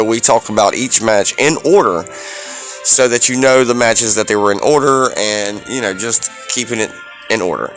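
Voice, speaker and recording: Rambling, excitable man reviewing wrestling. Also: mid-range voice. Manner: excitable, rambling, lots of ums and swearing. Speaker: podcast host reviewing wrestling shows. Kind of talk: casual review chat.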